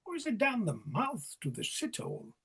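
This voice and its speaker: A man's voice: high-pitched, wildly swooping pitch, moderate pace, gravelly, a bit bright, slightly rough, heavily acted. A man playing a sardonic, domineering clown interrogator in a rehearsal over a video call, curt and bossy. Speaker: actor in rehearsal.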